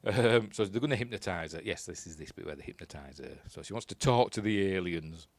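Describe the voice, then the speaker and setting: Deep-voiced Yorkshire man rambling. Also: animated, brisk, no echo. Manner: rambling, unsure, chuckling asides. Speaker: film reviewer. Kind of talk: casual commentary over a film.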